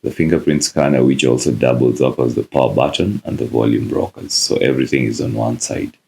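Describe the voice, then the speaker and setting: A man narrating a phone unboxing in a casual, relaxed way, with frequent "uh" fillers. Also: very deep voice, a little fast, creaky. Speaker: tech reviewer.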